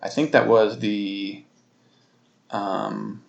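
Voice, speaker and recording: A man hosting his own podcast, telling a story in a rambling, animated way with many restarts and self-corrections. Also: lowish voice, very slow, gravelly, reverberant, highs cut off. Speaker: podcast host. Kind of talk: solo casual storytelling.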